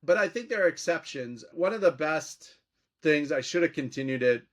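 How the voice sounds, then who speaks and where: This man's voice sits a touch higher than most. He talks chattily as a guest, spinning anecdotes and playing out both sides of the conversations he recalls. His pace moves along loosely with asides and restarts. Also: animated, normal speed. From Minnesota. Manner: chatty, anecdotal, acts out quoted exchanges. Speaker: political commentator, guest. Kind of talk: storytelling interview talk.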